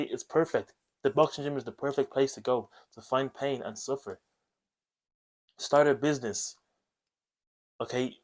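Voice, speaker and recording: A man talking straight to camera, giving blunt advice in a coaching tone, tagging points with "okay?" and swearing casually. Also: medium pitch. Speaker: self-improvement video host. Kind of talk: direct-to-camera advice monologue.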